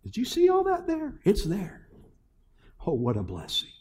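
A middle-aged male pastor delivers a sermon in a high-pitched voice with huge pitch swings, at normal speed and with frequent pauses. He fires rhetorical questions at the congregation, swinging between loud exhortation and soft, hushed passages.

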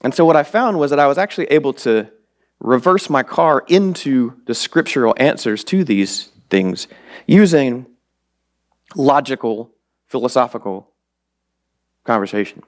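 A man's voice: medium pitch, lively intonation, unhurried, long pauses. A man preaching a sermon in a church in a casual, rambling, self-deprecating way, his voice a bit strained. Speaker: lay preacher. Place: church sanctuary.

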